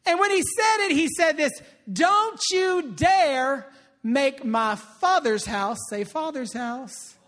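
A man preaching a sermon, lively and conversational, tossing in call-and-response asides to the congregation. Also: extremely high pitch. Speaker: pastor.

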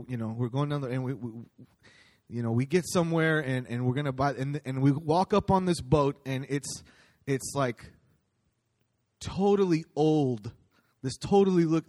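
A man's voice: medium pitch, a little mellow. A man speaking at a church, giving a casual sermon in a conversational, storytelling way with many ums and restarts.

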